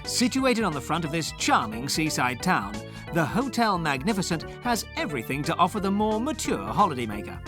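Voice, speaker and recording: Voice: mid-range voice, natural voice. A performer reading a polished promotional advert for a seaside hotel as an announcer. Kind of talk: mock radio advert. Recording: music bed under voice.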